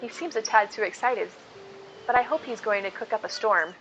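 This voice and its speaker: A woman's voice: fairly high pitch, dull audio, over music, natural voice. A woman reading a prim young noblewoman. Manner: prim and measured. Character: poised, formal young noblewoman.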